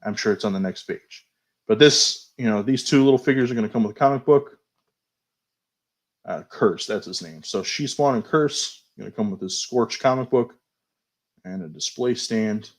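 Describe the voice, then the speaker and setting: A man hosting a toy show, casually going over new action figures, chatty and unhurried, often hedging and fumbling for names. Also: fairly low pitch, expressive. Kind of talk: casual toy news review.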